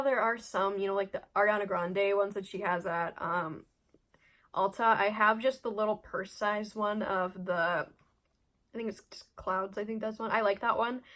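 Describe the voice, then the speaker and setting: A woman's voice: mid-range voice, fairly bright tone. A young woman talking straight to camera in a casual beauty vlog. She is blunt and chatty, and she rambles through her opinions with plenty of fillers and restarts. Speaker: beauty vlogger.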